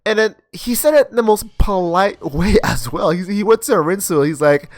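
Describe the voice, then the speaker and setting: A man's voice: high voice, expressive, normal speed, dry recording. A young man recapping and reviewing an anime episode in a casual, rambling way, full of slang and restarts.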